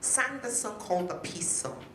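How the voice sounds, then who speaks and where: A woman's voice: mid-range voice, animated, moderate pace, bright, forceful tone, a little hiss or hum. A woman giving a speech to an audience at a peace event, engaging them with questions. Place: hotel function room. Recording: echoey room.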